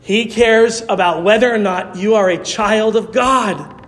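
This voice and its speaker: A man's voice: high-pitched, unhurried, fairly bright tone. A man preaching a sermon in a church, emphatic, building his points through rhetorical repetition. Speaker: pastor. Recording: long reverb of a large hall.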